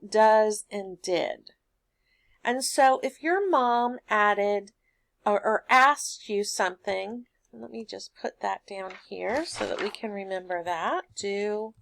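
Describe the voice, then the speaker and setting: Slow, patient woman teaching grammar. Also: fairly high pitch, no echo. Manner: patient, explains step by step with homely examples. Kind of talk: recorded grammar lesson.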